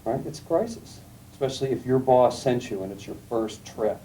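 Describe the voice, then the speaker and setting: A middle-aged man giving a classroom lecture, telling anecdotes in a calm, emphatic storytelling way. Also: medium pitch, fairly quick. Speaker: guest lecturer. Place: lecture room. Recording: distant mic, faint room noise, archival tape.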